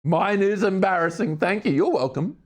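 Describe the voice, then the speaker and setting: A man's voice: expressive, moderate pace. A young man livestreaming a puzzle and chatting with his viewers. He swears a lot, laughs often, and jokes around goofily. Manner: profane, goofy, laughs often; slips into silly high put-on voices. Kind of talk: casual livestream chat while doing a puzzle.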